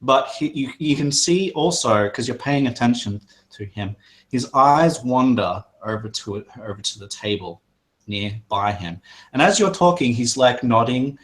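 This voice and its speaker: A man's voice: medium pitch, animated, unhurried, fairly bright tone, rough recording. A man running a tabletop game as game master, describing scenes loosely with many fillers.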